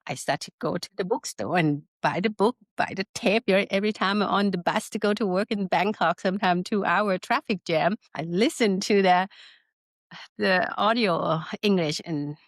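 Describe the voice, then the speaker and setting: A middle-aged woman with a Thai accent, a spa business founder telling her story in an interview in lively, broken English. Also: medium pitch, moderate pace, no room sound, clean studio sound. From Northern Thailand. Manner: animated storytelling with broken English, laughs often.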